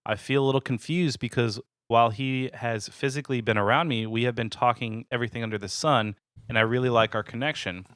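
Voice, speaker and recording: A man's voice: medium pitch, fairly even intonation, quick pace, a bit bright, smooth, no room sound, studio quality. A man on a podcast reading a listener's message aloud. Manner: reads listener letters aloud, plainly.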